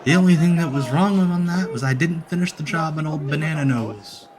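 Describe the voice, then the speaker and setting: A man doing an old wrestler voice, slow drawl, folksy, menacing, crowd roar behind. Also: fairly high pitch, voice pushed up, lightly acted. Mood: mock gracious.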